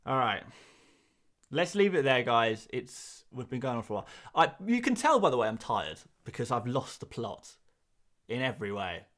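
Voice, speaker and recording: A man's voice: medium pitch, sing-song, normal speed, a bit bright. An English man chatting through a live stream and reading out viewers' questions, in a middle-range voice. His talk rambles and stumbles over repeated words, and he pokes fun at himself. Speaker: host. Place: small cupboard-like room.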